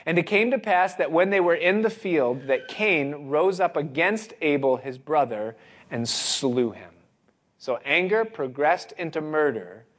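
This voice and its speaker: Guy preaching a sermon, kinda higher voice, leans into big dramatic pauses. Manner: expressive, dramatic pauses and rising emphasis.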